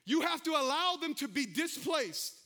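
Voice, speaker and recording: Preaching at normal speed, this pastor swings widely in pitch, his very high, bright voice ringing out when he addresses the congregation. His sermon alternates between shouted exhortations and folksy jokes on the side.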